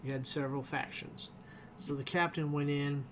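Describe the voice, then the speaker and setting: A man talks through a TV episode in a loose, rambling review and chuckles often. His voice sits a little high for a man. A faint hiss runs under the recording. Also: fairly even intonation, moderate pace. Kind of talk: casual spoken review.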